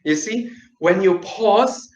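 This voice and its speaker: A man teaching an online kids' storytelling class, lively and playful, with dramatic pauses. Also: sits high, reverberant, poor audio.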